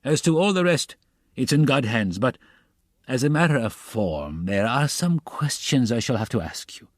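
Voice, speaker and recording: A man reading the part of an excitable, fussy middle-aged magistrate in an audiobook, insistent and wheedling. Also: medium pitch, no room sound, studio quality, pitched above the performer's own voice, natural voice. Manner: quick, insistent, wheedling, slipping to mutters.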